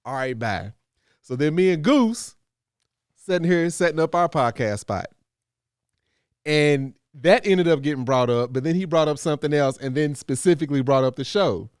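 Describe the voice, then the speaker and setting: A man, co-hosting a casual chat, telling a story in a rambling, animated way with many restarts. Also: fairly high pitch, normal speed, clear, resonant tone, no room sound, studio quality. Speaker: co-host.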